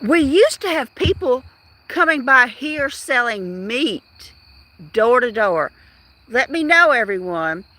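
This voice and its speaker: Woman, livestream host, high voice, rambling casual chat, addresses viewers. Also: pushed and bright. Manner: rambling, chatty, talks straight to viewers. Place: outdoors at dusk.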